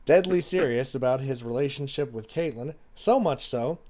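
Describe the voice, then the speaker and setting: A man's voice: medium pitch, moderate pace, warm tone. A man acting as game master, narrating a tabletop game in a playful, joking way. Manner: playful, stumbles and jokes while reading. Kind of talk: tabletop game narration, reading a letter aloud.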